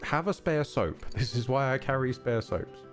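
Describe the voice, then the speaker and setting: A man's voice: mid-range voice, expressive, soft background music. Wry man chatting over gameplay. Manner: wry, joking, quick asides. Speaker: streamer playing a video game. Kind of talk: casual gameplay chat.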